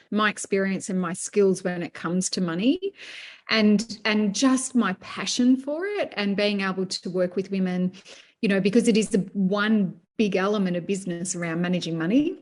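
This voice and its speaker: A middle-aged woman speaks in an interview with a plain mid-range voice. She is earnest and runs her thoughts together in long, looping sentences. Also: mid-range voice. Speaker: guest, money management coach. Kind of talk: conversational interview.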